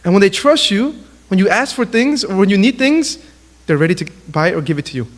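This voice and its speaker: Man, high-pitched, youth sermon, animated storyteller, big reverberant hall. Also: brisk. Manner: animated storytelling, acts out quotes. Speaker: youth speaker. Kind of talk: sermon to young people.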